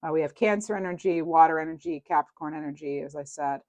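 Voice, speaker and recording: Lowish chatty woman reading tarot cards, dry close sound, lots of um and you know. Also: fast talker, a little mellow, no echo. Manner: chatty, reassuring, rambling with fillers. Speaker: tarot reader. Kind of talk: casual tarot reading to camera.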